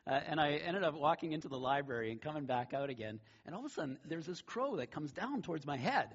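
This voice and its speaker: A middle-aged man delivers a sermon in a casual, storytelling manner, his voice a bit husky and breathy. The recording sounds dull and lo-fi. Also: a little high, very animated, fast talker. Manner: conversational storytelling with a warm laugh. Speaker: pastor.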